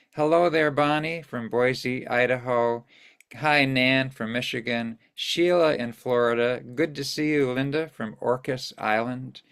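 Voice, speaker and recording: A man's voice: mid-range voice, fairly bright tone, clean tone. An older man hosting an online song series over a video call, greeting viewers in a chatty, rambling way and losing his place now and then. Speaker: host of an online singing series. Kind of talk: casual greetings to a live online audience.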